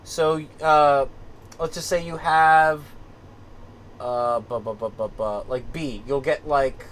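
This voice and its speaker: A young man running a tabletop game, explaining rules over a voice call in excited, rambling bursts full of "like" and "so basically". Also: mid-range voice, slow. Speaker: game master. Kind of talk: explaining rules in a casual voice chat.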